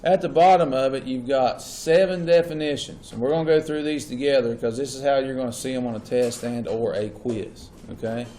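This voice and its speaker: A man's voice: mid-range voice, fairly even intonation, brisk, hardly any pauses, dark tone, a little hiss or hum. A man teaching a class, often checking whether his students follow. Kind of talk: classroom lecture.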